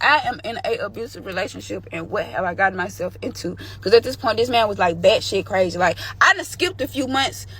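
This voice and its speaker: Young woman, candid storytime vlogger, slangy, a touch high-pitched. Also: fairly bright tone. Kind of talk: storytime vlog.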